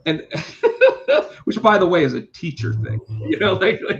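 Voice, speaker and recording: A middle-aged man, a podcast co-host and comic book artist, telling a story in casual chat, animated, swearing and acting out what people said. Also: sits high, a little slow. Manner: animated, swears, acts out quotes. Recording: slightly dull lo-fi sound.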